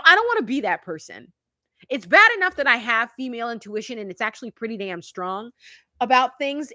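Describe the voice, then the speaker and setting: Woman in her 50s doing a chatty live stream, kinda high bright voice, laughs a lot, spills stories like it's just between friends. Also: no echo, clean studio sound. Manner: chatty, confiding storyteller who laughs often. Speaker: YouTube channel host. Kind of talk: casual live-stream chat.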